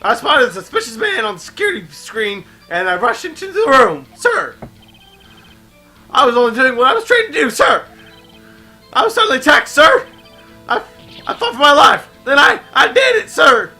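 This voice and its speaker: A man voicing an overeager young police officer who shouts and barks "sir" after everything, in a video game playthrough. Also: very high voice, very animated, moderate pace, faint music behind, exaggerated voice. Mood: frantic. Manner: shouting, barks 'sir' constantly.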